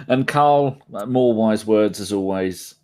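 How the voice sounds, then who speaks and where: A man's voice: on the low side, very animated, slow, mellow. Sweary, rambling London man hosting. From England. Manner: sweary, banter-heavy, rambling. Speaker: podcast host. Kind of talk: casual podcast chat.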